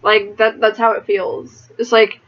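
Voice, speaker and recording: A woman's voice: medium pitch, flat delivery, a little slow. A woman chatting casually about a TV episode, talking in loose repeated phrases full of "like". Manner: conversational, repeats "like" and restarts. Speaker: co-host reviewing an episode. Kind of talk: casual chat. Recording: dull lo-fi home recording.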